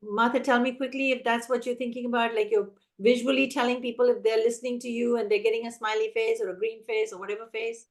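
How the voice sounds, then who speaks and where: A woman trainer answering teachers' questions in a live online session, energetic and animated, often acting out how a teacher talks. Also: on the high side, quick pace, hardly any pauses. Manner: energetic, animated, acts out teacher and child voices. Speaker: classroom management trainer.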